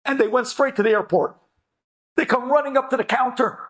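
A man's voice: very high voice, a little fast. A man telling an inspirational story with animation, acting out each voice. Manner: animated, acts out every voice. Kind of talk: storytelling talk.

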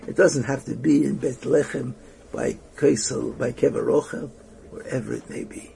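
A man tells an inspirational religious story in a gravelly, mellow voice that sits a bit above the usual male pitch. He swings between near-whispers and loud, stressed phrases. A faint hiss sits under the voice. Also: normal speed. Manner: animated, sliding between hushed and loud emphasis.

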